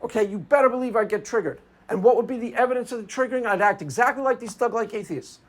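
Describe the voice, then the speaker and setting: A man's voice: very high-pitched, quick pace. A man giving an unscripted commentary monologue, combative and sarcastic, repeating his points for emphasis. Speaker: video commentator.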